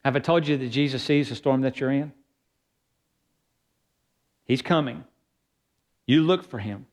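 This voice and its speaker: A man's voice: medium pitch, unhurried, a little mellow. A man preaching a sermon as pastor, reading scripture aloud and building emphasis.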